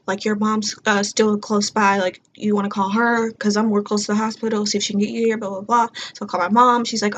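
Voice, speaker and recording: A young woman vlogging casually, retelling her story in a chatty, animated way and acting out quoted dialogue. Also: medium pitch, brisk, slight background noise.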